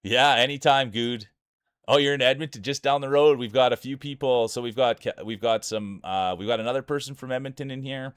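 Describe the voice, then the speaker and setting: A man's voice: mid-range voice, fairly quick, clear, resonant tone, no echo, studio quality. Hyped Canadian man calling marble races. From Saskatchewan, Canada. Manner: energetic, hyped announcer-style banter with chat. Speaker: streamer hosting marble races. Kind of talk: live-stream commentary.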